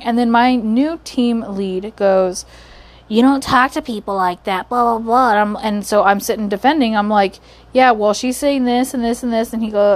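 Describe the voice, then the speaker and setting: Profane, ranting young woman. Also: a little high. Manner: profane, heated and exasperated. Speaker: call center agent venting. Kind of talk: ranting vlog.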